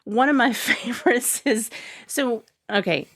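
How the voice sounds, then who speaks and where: A woman's voice: on the high side, unhurried, fairly bright tone. A woman guest on a podcast, chatting casually and enthusiastically, rambling with lots of fillers and restarts.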